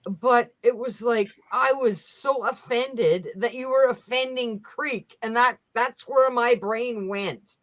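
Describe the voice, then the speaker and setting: Brief: woman, unhurried and blunt, swears freely, laughs a lot, casual live chat. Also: on the high side, fairly bright tone, poor audio. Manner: blunt, profane, laughs often.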